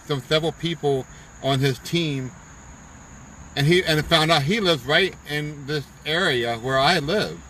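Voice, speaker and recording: A man's voice: on the high side, pushed and bright, slight background noise, low-quality recording. A man giving a fervent, preachy pep talk on a live stream from his parked car, repeating himself for emphasis. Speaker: business promoter on live stream. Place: parked car at a park outdoors.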